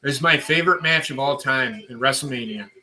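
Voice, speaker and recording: A man's voice: mid-range voice, a little fast, bright, forceful tone, poor audio. A young man hosting a casual wrestling watch-along, blunt and enthusiastic, swearing constantly. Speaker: host watching wrestling with viewers.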